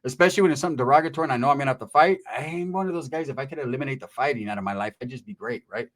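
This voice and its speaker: A man's voice: medium pitch, rapid-fire, fairly bright tone. A man who hosts the show and tells a story in a casual, profane, rambling way, acting out other people's voices. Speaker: storyteller, host.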